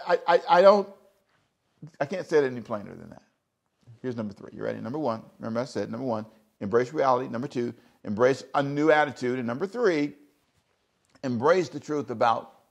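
A man's voice: mid-range voice, expressive, fairly quick, vocal fry, long pauses. A man in his thirties preaching a sermon as pastor, emphatic, with repeated words and sudden rising outbursts.

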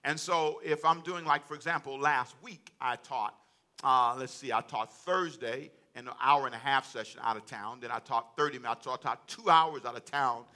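A man preaching a sermon in an animated way, acting out quotes and chuckling as he goes. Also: medium pitch, normal speed. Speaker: pastor.

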